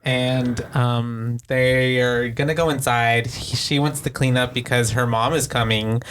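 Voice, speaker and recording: A podcast co-host in casual chat, relaxed and filling gaps with lots of um and yeah. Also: mid-range voice, unhurried, a little hiss or hum. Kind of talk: casual chat reviewing a film.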